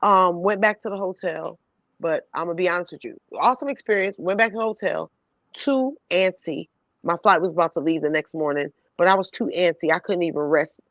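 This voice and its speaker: Woman, casual storyteller, lively and profane, mid pitch; dull, dry recording. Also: fairly quick, no echo. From New York City. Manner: animated, laughing, swears freely. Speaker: voice actress telling a story.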